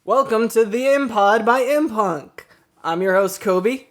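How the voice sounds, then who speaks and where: A man's voice: high voice, measured pace. Teasing man co-hosting an improv podcast. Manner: playful, teasing, laughs often. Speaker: podcast co-host. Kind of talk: joking improv banter.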